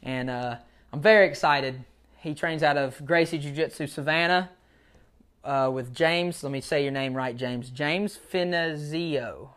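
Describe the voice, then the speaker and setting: A man's voice: a little high, moderate pace, a bit bright, smooth. Casual self-deprecating male podcast host. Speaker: jiu-jitsu coach. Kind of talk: solo podcast monologue.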